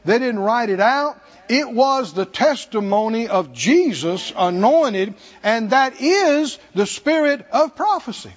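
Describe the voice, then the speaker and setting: A man's voice: very high-pitched, big pitch swings, slow, few pauses, dull audio. A man with a Southern American accent preaching a sermon in a church, folksy and humorous, chuckling between points. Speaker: pastor. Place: church sanctuary.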